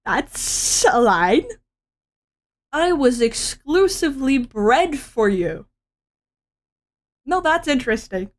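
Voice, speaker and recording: A woman's voice: high-pitched, sing-song, slow pace, long pauses. A woman streamer reading webtoons aloud, breaking off into joking, self-mocking comments.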